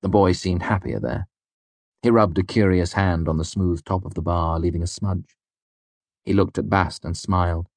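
Deep guy narrating an audiobook, measured and even, dry sound. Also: creaky, no room sound. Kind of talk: scripted narration.

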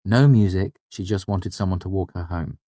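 A man's voice: sits low, normal speed, mellow, no room sound, pitched above the performer's own voice. A man voicing the first-person hero, an earnest young male student musician, in an audiobook reading. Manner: apologetic, earnest.

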